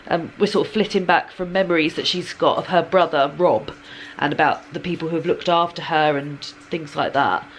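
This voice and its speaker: A woman's voice: low-pitched, normal speed, few pauses, slight background noise. Woman in her thirties, chatty home vlogger, rambling and giggly, slightly stuffy with a cold. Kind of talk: casual chat. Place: home kitchen.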